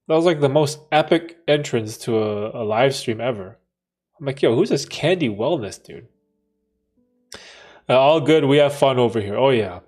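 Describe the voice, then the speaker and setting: A man's voice: medium pitch, animated, moderate pace, darkish tone, soft background music. Laid-back slangy male livestream host. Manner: laid-back slangy banter, frequent laughter. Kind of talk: casual livestream Q&A, reading chat aloud.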